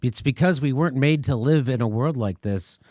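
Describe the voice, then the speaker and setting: A man's voice: medium pitch, normal speed, warm tone, dry recording, clean studio sound. A man hosting a talk show, chatting casually and rambling through an anecdote with frequent swearing. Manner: rambling storyteller, swears freely. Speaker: host. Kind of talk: casual interview chat.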